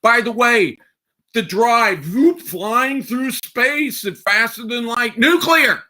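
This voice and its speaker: A man with a high, bright, sharp voice talks on a live stream. His pitch leaps all over as he jokes and gets excited. The talk is loose and casual. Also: takes it slowly. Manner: animated, playful, excitable.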